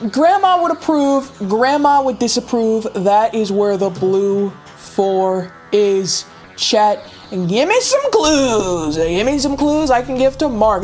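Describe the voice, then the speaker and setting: Woman, high-pitched, excitable, teasing, casual livestream chat, frequent laughter. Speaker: streamer co-host.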